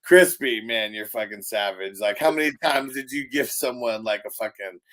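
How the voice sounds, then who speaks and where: A man's voice: fairly low pitch, normal speed, sharp tone. A man co-hosting a podcast in casual chat, laughing often and swearing. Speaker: co-host.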